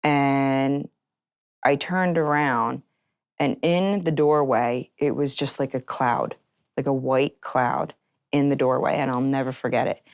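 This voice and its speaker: A woman's voice: extremely low pitch, steady tone, slow pace, no echo, clean studio sound. A woman telling her personal story in an interview, earnest and acting out remembered conversations. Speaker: interview guest.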